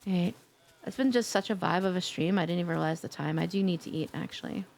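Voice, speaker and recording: A woman's voice: on the low side, fast talker, gravelly, darkish tone. A young woman with a New York accent, chatting playfully on a live stream, joking, swearing and laughing often. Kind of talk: casual live-stream chat.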